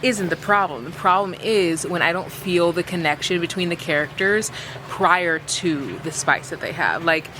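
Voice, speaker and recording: A woman's voice: lowish voice, normal speed, noisy background. A young woman vlogging about books in a casual, chatty way, full of fillers. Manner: chatty, filler-heavy, reads dialogue aloud. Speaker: book vlogger.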